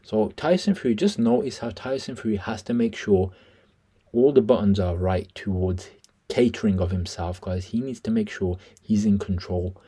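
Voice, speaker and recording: Man, low pitch, dark mellow tone, husky, reaction commentary, mimics quotes. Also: moderate pace. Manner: excitable, mimics the fighters' lines.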